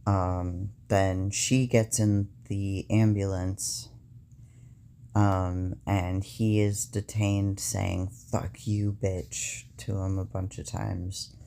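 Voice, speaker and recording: A young man recounting a stressful personal event in a halting, casual way, with many fillers. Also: deep voice, level tone, gravelly, dark tone, a little hiss or hum.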